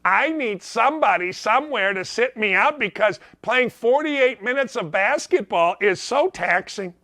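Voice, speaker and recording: A man's voice: sits high, lively intonation, normal speed, bright, forceful tone, dry recording. A man putting on a whiny male pro athlete who complains about being overworked. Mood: whining. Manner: mocking, complaining.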